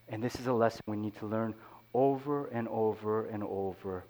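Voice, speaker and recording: A man's voice: fairly low pitch, fairly even intonation, moderate pace, a little mellow. A man, a pastor, preaching a sermon in a conversational way, with many "you know" asides. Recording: long hall reverb.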